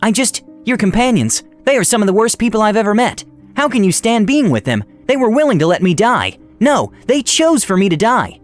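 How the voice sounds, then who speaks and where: A man doing a tearful little girl's high plea. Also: very animated, a little fast, soft background music. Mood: pleading. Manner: pleading, high and breathless. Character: frightened little girl, tearful and pleading.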